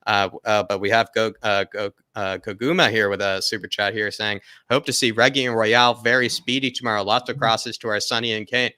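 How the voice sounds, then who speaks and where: A man hosts a football live stream, reading out viewer comments and chatting through his match hopes. His voice sits fairly low but sounds bright and forceful. It's recorded close and dry, with little room sound. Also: fairly even intonation, fairly quick, few pauses, no echo. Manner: chatty, rambling with fillers and laughs. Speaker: football channel host.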